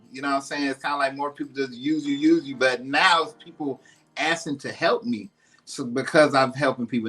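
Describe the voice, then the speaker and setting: Relaxed man, mid-pitched, easygoing chat with faint music under him. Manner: relaxed, loose, full of fillers like "you know what I mean". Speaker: music producer guest. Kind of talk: casual interview chat.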